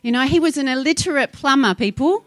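A woman's voice: sits high, lively intonation, fast, no room sound. A woman preaching a sermon, fervent and exhorting, rising into urgent appeals to her congregation.

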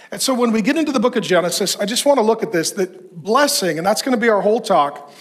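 A middle-aged man preaching a sermon to men, emphatic, with rhetorical questions and long lists. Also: high-pitched. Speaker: pastor.

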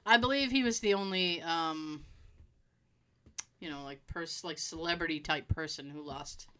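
A woman's voice: low voice, normal speed, clear, resonant tone. A woman co-hosting a casual chat, swearing freely and laughing as she tells stories. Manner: animated, profane storyteller who laughs often. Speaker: podcast co-host.

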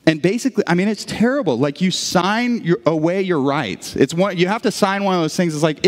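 A man's voice: sits high, moderate pace, few pauses, in a large hall. A man preaching a sermon as pastor in a church auditorium, telling stories with frequent restarts. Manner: animated storytelling with frequent restarts.

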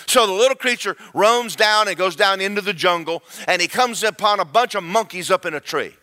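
Male preacher, sermon storytelling, high bright voice, quick and animated. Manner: fast, animated, rising to shouting praise.

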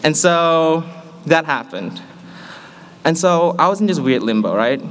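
A young man from Malaysia with an American accent tells his personal story candidly and with self-mockery, getting animated when he quotes himself. His voice is on the high side and a little slow, with slight background noise.

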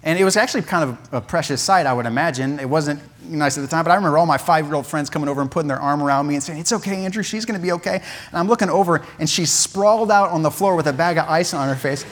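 A man preaching in a church, spinning a comic childhood story. His voice sits a little high, and he breaks into laughter as he tells it. The telling is animated and conversational, full of restarts. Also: fast, few pauses. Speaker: pastor. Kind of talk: sermon storytelling. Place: church sanctuary.

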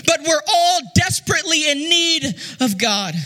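High, bright-voiced preacher half-singing his sermon. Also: animated, normal speed. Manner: rises into sung, shouted preaching cadence.

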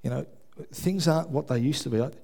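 A man preaching a sermon in a church, telling lively stories and acting out quotes with self-mocking asides. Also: medium pitch, fast talker, gravelly. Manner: animated storytelling, acts out shouted quotes, self-deprecating asides. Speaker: pastor. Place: church hall with congregation.

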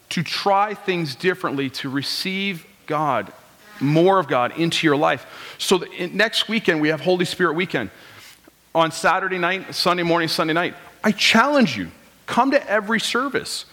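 A man's voice: high voice, lively intonation, normal speed, a bit bright. A man in his thirties preaching a conversational sermon in a church, with rhetorical questions and quoted lines of his congregation. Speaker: pastor. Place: church sanctuary. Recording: long hall reverb.

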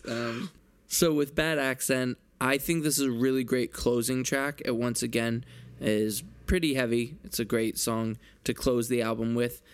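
A man's voice: mid-range voice, fairly even intonation, measured pace, smooth. A man co-hosting a casual album review chat, upbeat and enthusiastic, explaining things plainly. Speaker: podcast co-host.

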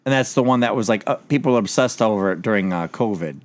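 A man in casual podcast chat, halting and searching for words. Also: fairly low pitch, a little hiss or hum. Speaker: podcast co-host.

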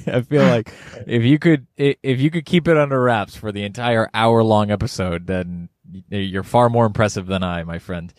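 A man's voice: on the low side, unhurried, a little mellow, dry recording, clean studio sound. A man co-hosting a casual podcast, laughing often and rambling as he talks. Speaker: podcast co-host.

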